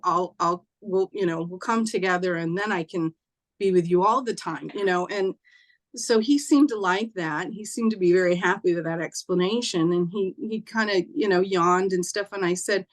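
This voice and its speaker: A woman telling a personal story, halting and acting out a child's voice softly. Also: on the low side. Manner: halting, acts out dialogue softly. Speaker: guest. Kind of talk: emotional storytelling.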